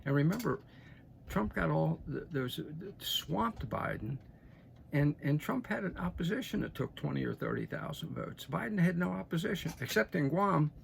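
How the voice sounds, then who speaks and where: Gravelly older man giving emphatic commentary. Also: on the high side, expressive, normal speed, slight background noise. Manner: folksy, emphatic, frequent restarts and "okay?" asides. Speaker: political commentator. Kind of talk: opinionated news commentary.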